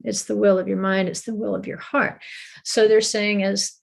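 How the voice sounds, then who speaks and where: A woman's voice: medium pitch, level tone, normal speed, gravelly. A woman teaching a recorded Bible lesson, explaining with small restarts and an occasional light laugh.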